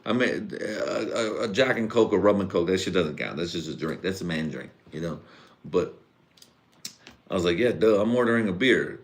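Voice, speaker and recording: A tipsy man hosts a casual live podcast, rambling in a rant, swearing heavily and laughing between thoughts. He's an adult father and husband whose voice sits low, and he talks at a normal speed.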